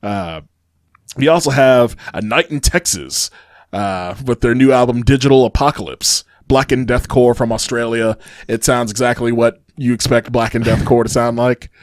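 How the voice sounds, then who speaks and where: Brief: man, relaxed podcast co-host, talks loosely with fillers, dry mic. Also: medium pitch, normal speed, no room sound. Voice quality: frequent "uh" fillers, laughs often. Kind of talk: casual chat.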